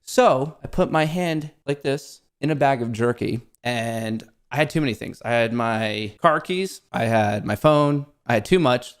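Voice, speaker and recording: A man hosting his own show tells a self-mocking comic story in a loose, casual way. His voice sits at an ordinary middle pitch but leaps up sharply whenever he wants to stress a point. He swears freely as he goes. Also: measured pace, hardly any pauses, clean tone. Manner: animated, self-mocking, jumps high in pitch for emphasis. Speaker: host of a stock market show. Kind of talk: comedic personal storytelling.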